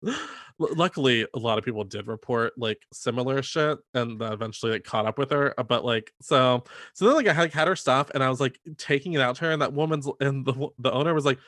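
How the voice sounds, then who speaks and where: A man telling a long personal story in casual chat, full of fillers and animated retellings. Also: medium pitch, fairly quick, dry recording, clean studio sound. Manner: animated, lots of "like" fillers, acts out quoted voices.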